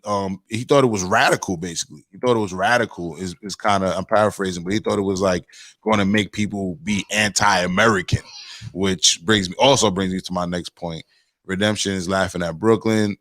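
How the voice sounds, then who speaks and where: A man's voice: on the low side, normal speed, no room sound. A man hosting a casual podcast rant, reading out chat comments and firing off rhetorical questions. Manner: animated, fires off rhetorical questions. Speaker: podcast host.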